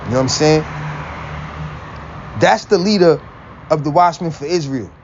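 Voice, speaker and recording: A man's voice: on the high side, expressive, normal speed. A man in a blunt, profane, preachy rant, quoting scripture and laughing between points. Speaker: religious vlogger. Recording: dull lo-fi recording with faint vehicle noise.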